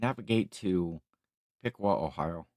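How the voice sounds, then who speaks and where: A man's voice: deep voice, animated, unhurried, a little mellow, no echo, clean studio sound. A tired middle-aged man hosting a casual livestream, chatting and reading viewer comments in a rambling, jokey way. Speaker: livestream host.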